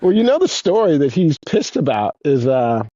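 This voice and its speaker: A man in his fifties, a guest on an interview show, telling rambling, profane stories in a casual, animated way. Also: on the high side, normal speed, dry recording, lo-fi sound. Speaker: guest, former pro skateboarder. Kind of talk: casual storytelling.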